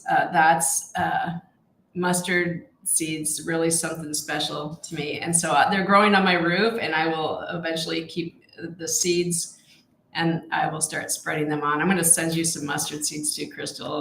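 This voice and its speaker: A woman leading a casual Bible study, talking in a heartfelt, halting way with many fillers and restarts. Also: sits low, vocal fry, a bit bright, reverberant, slight background noise, poor audio.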